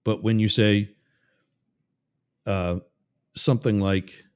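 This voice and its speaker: A man hosting a talk radio show, ranting with sarcasm and telling jokes in an animated way. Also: on the low side, takes it slowly, clear, resonant tone. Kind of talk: talk radio monologue with a live-read ad.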